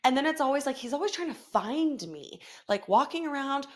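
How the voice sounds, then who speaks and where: Woman in her 30s ranting on her podcast, swears a lot, laughs a lot, slightly high voice. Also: brisk. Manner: profane, animated, laughing often, mimics her son. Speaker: podcast host. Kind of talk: casual solo podcast rant.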